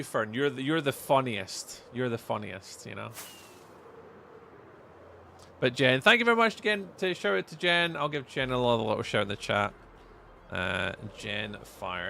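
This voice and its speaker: A little high and creaky, with a sharp tone, this young Scottish man's voice comes with slight background noise. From the Edinburgh area, he plays a game on stream, chatting away, reading chat aloud and repeating phrases.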